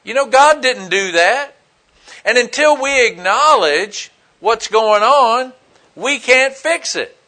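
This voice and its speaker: High, bright-voiced man preaching casually. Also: expressive, takes it slowly. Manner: casual, plain-spoken, fillers like "you know" and "man". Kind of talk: conversational sermon.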